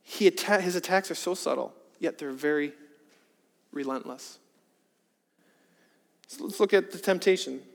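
A man preaching a sermon, earnest, moving from hushed, drawn-out points to emphatic rhetorical questions. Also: on the high side, gravelly. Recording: long reverb of a large hall.

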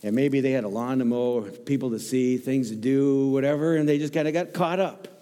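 Speaking fairly quickly at medium pitch, a man preaches as a guest in a church sanctuary whose long hall reverb colors the sound. He jokes and stays animated, acting out different voices as he tells his story.

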